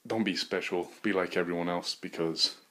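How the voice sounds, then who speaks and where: Husky-voiced man, crude rambling monologue. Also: low voice, steady tone, normal speed. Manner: crude, joking, erratic bursts of loud mock bravado. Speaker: podcast host.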